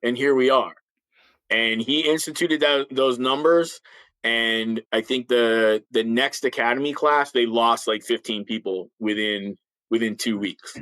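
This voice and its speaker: This fifties-aged former police officer gives a candid interview, telling stories bluntly and with emphasis. A slight lisp, frequent restarts, and repeated words at sentence starts mark his speech, which is medium-pitched, steady, measured, and sharp. The low-quality recording has no echo.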